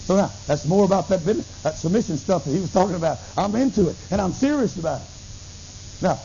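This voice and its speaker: Gravelly middle-aged guy preaching, kinda high voice, dull lo-fi tape with faint hiss. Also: quick pace. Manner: animated storytelling, acts out dialogue, bursts into tongues. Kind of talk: sermon.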